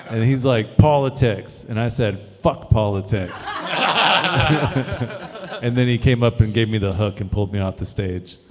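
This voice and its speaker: A man's voice: mid-range voice, takes it slowly, pauses often, crowd noise. A comedian, a man, tells a stage story in a loose, playful way. He chats casually with other comics. His voice rings out in a reverberant hall. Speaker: comedian, discussion host. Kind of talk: casual group chat. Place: brewery event space. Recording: echoey hall with long reverb.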